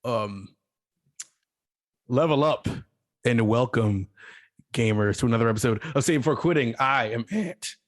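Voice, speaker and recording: A man's voice: mid-range voice, a little slow, pauses often, no echo, studio quality. A man hosting a gaming podcast in a laid-back, playful casual chat. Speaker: podcast host.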